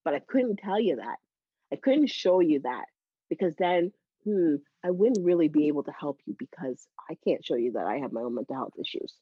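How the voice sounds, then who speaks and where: A woman's voice: deep voice, brisk, slightly rough, no echo. Candid woman telling her story, laughing. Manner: animated and heartfelt, laughs often between phrases. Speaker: podcast guest, psychotherapist. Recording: dull, slightly lo-fi dry audio.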